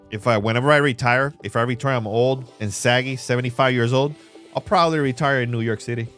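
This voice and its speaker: A man's voice: quick pace, a bit bright, faint music behind. Slangy, hyped-up male trading streamer. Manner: casual, slangy, calls viewers bro and my man; emphatic, hype-driven pitch to viewers. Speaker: livestream trading host. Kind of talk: live chart walkthrough and chat shout-outs.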